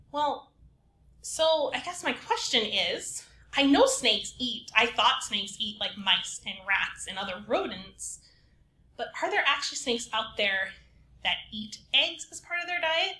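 Bright, lively woman telling a story. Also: high-pitched, unhurried, echoey room. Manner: lively, acts out characters in whispers and squeals. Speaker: librarian storyteller. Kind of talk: animated storytelling for children.

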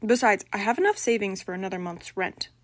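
A woman's voice: medium pitch, fast talker, dry recording, natural voice. A woman voicing an exasperated young man. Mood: resigned. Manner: casual, exasperated.

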